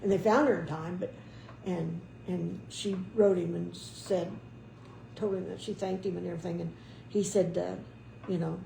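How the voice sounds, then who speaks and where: A woman speaking casually and hesitantly, with frequent pauses and restarts as she recounts a story. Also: on the low side, steady tone, gravelly, dark tone, roomy sound, a little hiss or hum, poor audio. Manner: hesitant, many fillers and restarts. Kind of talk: casual conversation.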